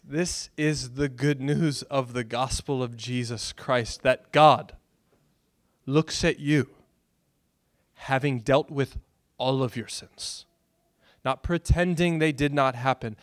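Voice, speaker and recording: A pastor, preaching a sermon and telling stories with bursts of loud excitement. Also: male voice, mid-range voice, no echo, studio quality.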